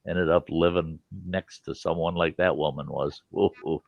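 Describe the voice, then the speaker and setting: A man's voice: a bass voice, fairly even intonation, moderate pace, gravelly, no echo, highs cut off. An older grandfather hosting a livestream, telling rambling, profane stories and laughing as he chats. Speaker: livestream host. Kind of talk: casual storytelling chat.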